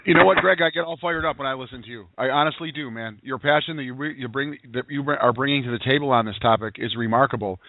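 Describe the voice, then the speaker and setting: A man's voice: medium pitch, fast talker, hardly any pauses. A man hosting a sales call, exhorting listeners in a pumped-up way and repeating phrases for emphasis. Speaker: host. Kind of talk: motivational sales call talk. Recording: tinny phone-line audio.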